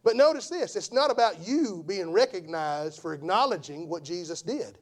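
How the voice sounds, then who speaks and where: A fiery male evangelist delivering a sermon in a high voice that leaps and dives all over. He drops to near-whispers, then builds to shouts, hammering key phrases again and again. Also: animated, normal speed. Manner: impassioned, swings from hushed to shouting; repeats phrases for emphasis. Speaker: evangelist preacher.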